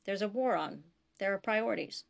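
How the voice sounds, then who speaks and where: A woman's voice: mid-range voice, expressive, normal speed, gravelly. A woman reading as a stern, blunt first officer.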